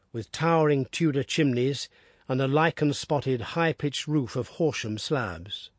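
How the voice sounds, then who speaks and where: A man reading an audiobook aloud with steady, descriptive storytelling. His pitch moves lively through the sentences, and the recording is close and dry with no room echo. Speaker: narrator. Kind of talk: audiobook narration.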